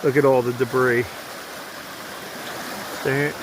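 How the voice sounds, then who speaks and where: In a noisy outdoor setting, a man with a mid-range, level voice talks slowly while thru-hiking a rural road. His trail vlog narration is chatty and casual, and he coos at animals in a sing-song voice as he goes.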